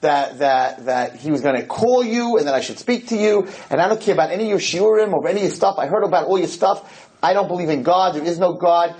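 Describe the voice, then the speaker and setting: A man's voice: high voice, quick pace, darkish tone, pitched above the performer's own voice, lightly acted, poor audio. A man acting out a dismissive atheist man in a shop, insisting there is no God. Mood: defiant.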